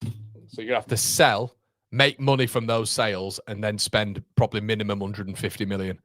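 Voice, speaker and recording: A man hosting a live football watchalong. He is excitable and shouts at the players one moment, then chats easily with viewers using British slang like mate and lads. His voice sounds dry and close, with no room around it. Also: lowish voice, a little fast, no room sound. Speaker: live-stream watchalong host.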